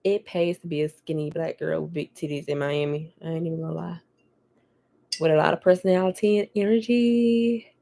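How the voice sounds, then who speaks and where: Candid, profane woman vlogger, lower voice. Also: brisk, vocal fry. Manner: candid, profane, lively storyteller. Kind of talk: casual chat to camera.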